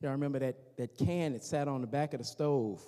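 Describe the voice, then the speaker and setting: With a medium-pitched voice and a slightly fast delivery, a Midwestern comic from Gary, Indiana, USA works the crowd in a church hall. His stand-up before the live audience is animated and teasing, aimed right at them.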